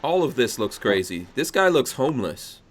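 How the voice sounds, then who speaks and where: A man's voice: medium pitch, sing-song, normal speed. A man hosting a casual podcast, reading news stories aloud and adding sarcastic remarks while chatting with a remote guest. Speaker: podcast host.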